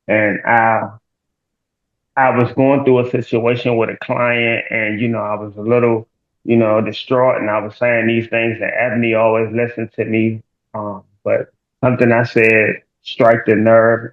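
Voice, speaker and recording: Animated man on an echoey phone-like line. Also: medium pitch, measured pace. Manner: animated storyteller, acts out quotes, playful. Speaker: guest. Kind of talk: candid conversational interview.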